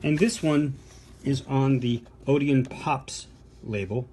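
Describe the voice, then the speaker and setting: Slow and warm, with a breathy edge to his mid-range voice, an older American vinyl collector who co-hosts a podcast chats casually through a box of records. It's an enthusiastic show-and-tell unboxing, peppered with fillers and asides.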